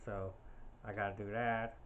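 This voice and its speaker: Male podcast host, lowish voice, hesitant monologue, full of uh and like, slight hiss behind. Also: level tone, moderate pace, narrow, tinny audio. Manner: rambling, hesitant, many fillers and restarts.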